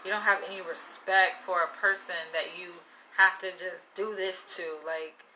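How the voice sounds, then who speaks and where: Blunt, profane woman vlogger with a bright voice. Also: lowish voice, moderate pace, a little hiss or hum. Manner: blunt, profane and animated, with frequent laughs. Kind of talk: casual monologue to camera.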